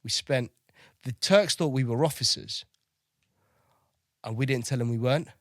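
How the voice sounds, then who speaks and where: A navy veteran in his thirties from Kosovo, appearing as a podcast guest, tells war stories in a chatty way, swearing freely and repeating words. His voice is medium-pitched at a normal speed, recorded with studio quality and no echo.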